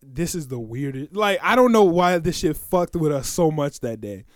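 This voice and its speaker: A young man with a notably high voice tells stories on a podcast in loose, slangy chat. He is animated and acts out the sounds and voices in his stories. The recording is dry and close. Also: moderate pace, dry recording. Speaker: podcast co-host. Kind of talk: casual storytelling chat.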